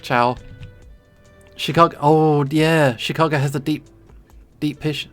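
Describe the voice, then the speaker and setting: A streamer from England with a London accent, chatting casually and rambling while drawing, self-deprecating and quick to laugh. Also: medium pitch, fairly even intonation, soft background music. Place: home streaming setup.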